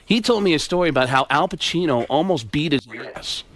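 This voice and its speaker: A male comedian and impressionist telling stories as a guest on a radio talk show, animated and jokey. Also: a little high, fairly quick, no room sound.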